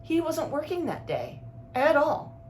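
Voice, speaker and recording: Lively high-voiced woman telling a story. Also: a little slow, slight background noise. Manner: exasperated and blunt, casual swearing; talks straight to one listener by name. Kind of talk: casual storytime monologue.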